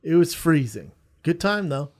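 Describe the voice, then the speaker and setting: Profane joking man, higher pitch. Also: big pitch swings, measured pace. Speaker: podcast co-host. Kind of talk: casual comedy chat.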